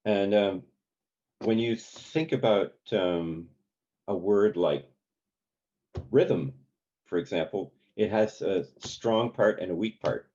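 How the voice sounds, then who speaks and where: A man leading a community songwriting workshop, talking in a relaxed, halting way with many ums and sung examples. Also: on the low side, highs cut off. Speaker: songwriting teacher.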